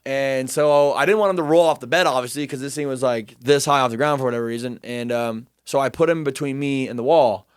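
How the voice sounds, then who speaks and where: A young man telling a story in a casual chat, animated, profane and self-deprecating. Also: medium pitch, a little fast, hardly any pauses, clear, resonant tone, dry recording, studio quality.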